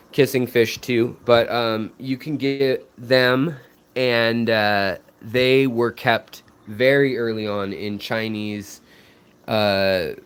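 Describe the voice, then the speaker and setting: A man's voice: fairly low pitch, clear, resonant tone. An American man hosting a fishkeeping live stream, rambling casually with lots of ums and restarts while he answers viewer messages beside his aquarium tanks. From United States.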